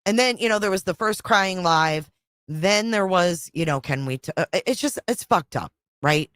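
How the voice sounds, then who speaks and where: A woman's voice: lowish voice, lively intonation, moderate pace, a bit bright, clear, resonant tone, dry recording, clean studio sound. A middle-aged woman hosting a casual livestream chat, frustrated and rambling, repeating herself and swearing. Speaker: livestream host.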